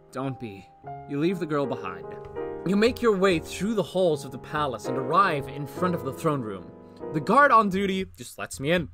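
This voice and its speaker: A man streaming himself reading an AI text adventure aloud, with animated comic asides. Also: on the high side. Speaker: streamer reading an AI story game.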